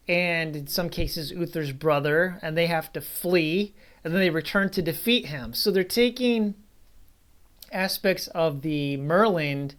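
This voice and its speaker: A man giving a casual spoken movie review, rambling and bluntly dismissive, with frequent asides. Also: sits high.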